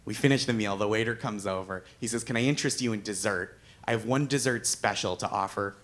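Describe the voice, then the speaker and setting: A man being interviewed, telling warm, animated personal anecdotes with laughing asides. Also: lowish voice, fast talker. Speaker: comedian guest. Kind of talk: interview storytelling.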